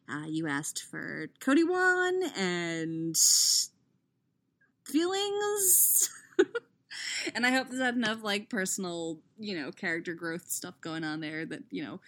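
A woman reading a podfic, chatting through her bloopers and author's notes, swearing freely and laughing at her own mistakes, recorded on a living room couch. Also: sits low. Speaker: podfic reader.

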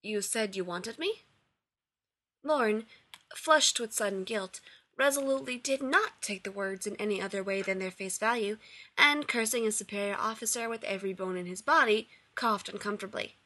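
A woman reading fan fiction aloud in a steady storytelling narration. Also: medium pitch, fairly quick. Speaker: reader.

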